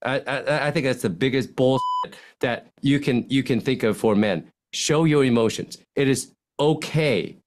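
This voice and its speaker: A man, a physician, giving speaking advice as a podcast guest, animated and lively, swinging his voice up and down and acting out example lines in contrasting tones. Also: normal speed, few pauses. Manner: animated, swings pitch widely to demonstrate points. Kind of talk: podcast interview, coaching talk.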